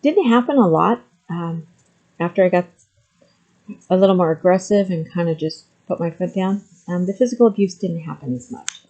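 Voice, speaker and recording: A middle-aged woman talks candidly to the camera in a relaxed, mellow voice. She hesitates with frequent ums, then presses her points emphatically. The recording sounds slightly muffled and lo-fi. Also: on the low side, normal speed. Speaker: vlogger sharing personal story. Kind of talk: candid personal talk to camera.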